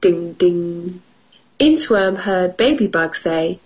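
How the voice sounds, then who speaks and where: A woman reading a children's story aloud on a radio show, animated and slow, with light laughs between lines. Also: mid-range voice.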